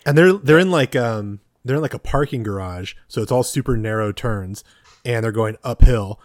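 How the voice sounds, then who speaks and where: A man's voice: medium pitch, moderate pace, no room sound, studio quality. Analytical man picking apart a film. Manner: analytical, talks over and adds critical asides. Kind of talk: casual movie discussion.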